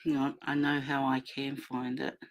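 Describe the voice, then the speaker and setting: Hosting a casual livestream into a computer mic, a middle-aged New Zealand-accented woman speaks at normal speed in an extremely low, level voice. Her talk is impassioned and rambling, full of fillers and restarts.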